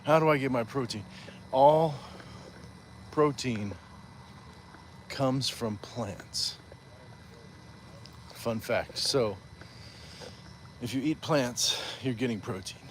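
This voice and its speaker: A man livestreaming as he walks outdoors, reading viewer comments aloud and chatting back in a playful way. He talks at an unhurried, drawn-out pace. Faint ambience and passing vehicles sit behind his phone mic. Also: mid-range voice, slight background noise. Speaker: livestream host reading chat. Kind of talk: casual livestream chat while walking. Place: outdoors on a walk.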